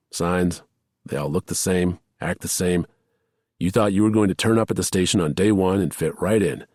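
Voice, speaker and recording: A man's voice: low voice, a little mellow, no room sound, clean studio sound. A man reading a thriller audiobook, voicing a weary, mocking male police veteran in a laid-back, knowing way.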